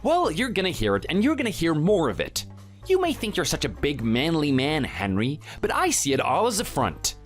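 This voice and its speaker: An indignant family man, voiced by a man in a texting story. His fairly high voice swings widely as he confronts a bully. Faint music plays underneath. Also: huge pitch swings, normal speed. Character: Italian-born family man standing up to a bully. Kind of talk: text-to-speech texting story.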